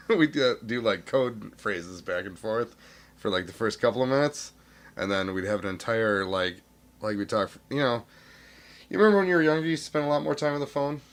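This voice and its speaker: A man's voice: medium pitch, moderate pace. A man co-hosting a podcast, bantering in casual chat and often laughing. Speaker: podcast co-host.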